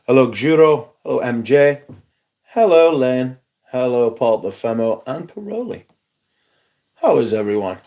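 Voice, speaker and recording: A man's voice: medium pitch, animated, a little slow, long pauses, dark tone. A man hosting a casual live stream, chatting wryly and greeting viewers by name. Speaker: livestream host.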